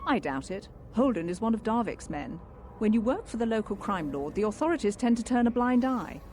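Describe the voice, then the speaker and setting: A woman's voice: medium pitch, big pitch swings, fairly quick, a little mellow, slight background noise, lightly acted. An actress voicing a wary young woman in hiding in a video game, speaking with a British accent in a guarded, clipped way.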